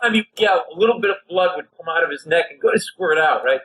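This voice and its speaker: A middle-aged man from Rhode Island, a guest comedy writer telling a comic story, who acts out the people in it with big jumps in pitch. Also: animated, quick pace, a bit bright, rough recording.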